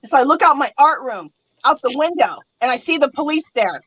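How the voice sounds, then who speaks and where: Animated high-voiced woman telling a story. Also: fairly quick, rough recording. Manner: animated, acts out her own reactions in quotes. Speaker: host. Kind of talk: casual storytelling chat.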